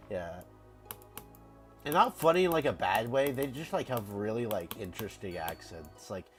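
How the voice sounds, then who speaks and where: A man's voice: on the low side, very animated, measured pace, pauses often, faint music behind. Stuffy-nosed man rambling on stream. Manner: rambling, stammers and repeats words. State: congested from a cold. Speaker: game streamer. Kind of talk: casual live-stream chat.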